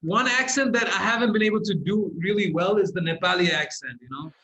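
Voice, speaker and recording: Animated young man telling stories. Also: high-pitched, brisk, highs cut off, slight background noise. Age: young adult. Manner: animated storyteller, laughing often. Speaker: guest. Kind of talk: casual chat.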